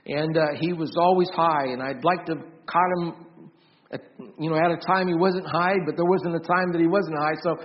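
A man preaching a sermon as pastor, earnest, often repeating and restarting words, swinging from loud emphasis to soft, quiet storytelling. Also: on the high side, steady tone, moderate pace, muffled recording. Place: church.

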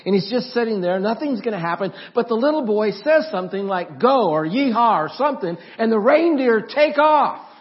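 A pastor telling a story in his sermon, animated, with restarts and questions to the congregation. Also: sits high, brisk, hardly any pauses. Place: church. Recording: dull lo-fi church audio.

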